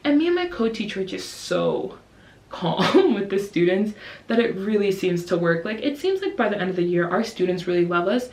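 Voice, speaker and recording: Animated young woman in an echoey room. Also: normal speed. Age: 20s. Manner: animated, acts out kids and teachers in high voices. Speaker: English teacher and vlogger. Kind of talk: casual vlog talk to camera. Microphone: camera's built-in mic. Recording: roomy echo.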